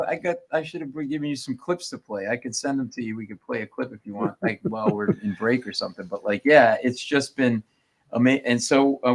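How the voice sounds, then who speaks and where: A man, a comedian, telling stories on a radio show and acting out the people in them. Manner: animated storyteller, acts out quoted people in rising pitch. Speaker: comedian guest.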